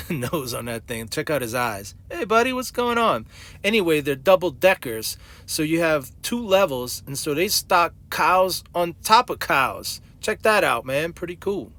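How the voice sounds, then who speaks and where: A truck driver from New Orleans with a New Orleans accent, chatting casually to camera in a vlog and laughing often. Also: male voice, fairly high pitch, sharp tone. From New Orleans, Louisiana.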